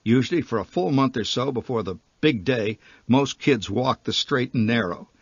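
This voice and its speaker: Guy reading his own funny story, wry and vivid, kinda husky, dry close mic. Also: medium pitch, animated, normal speed, no room sound, lo-fi sound.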